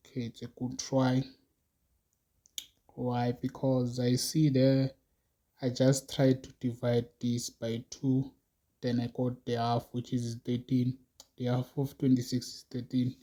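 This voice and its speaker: A man teaching a math lesson, talking slowly and thinking aloud as he works through a problem with his students. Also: medium pitch, completely flat delivery, dark tone. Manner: slow, musing, talks to students as he works.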